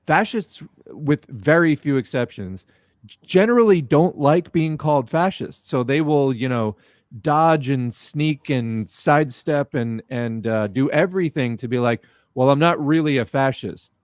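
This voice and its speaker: A man's voice: mid-range voice, expressive, measured pace, no room sound, clean studio sound. A man doing political reaction commentary in a blunt, exasperated, profane way. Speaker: video commentator.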